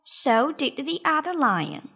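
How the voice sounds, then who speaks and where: A woman reading a children's storybook aloud in an expressive way. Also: high voice, gravelly. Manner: slow, expressive read-aloud. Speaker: storybook reader.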